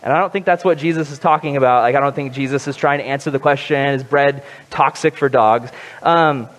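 A pastor giving a conversational sermon, animated and joking. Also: male voice, medium pitch, fast talker. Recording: long hall reverb.

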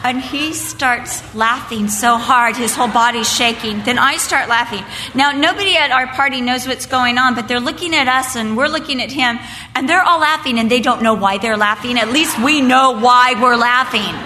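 An older woman telling a family story and preaching at a women's Christmas event, moving from lively storytelling into earnest preaching. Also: fairly high pitch, moderate pace. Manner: animated storytelling, acting out family voices, then earnest preaching. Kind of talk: storytelling sermon. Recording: reverberant hall with faint background noise.

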